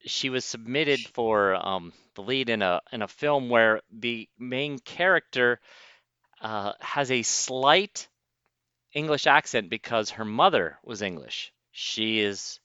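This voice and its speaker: A man's voice: mid-range voice, animated, slow pace, sharp tone, clean tone, no room sound. A man co-hosting a podcast, chatting casually and laughing easily, heard through a backup mic. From United States. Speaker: podcast co-host. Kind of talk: casual chat. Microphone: backup mic, low fidelity. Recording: dull, dry lo-fi mic sound.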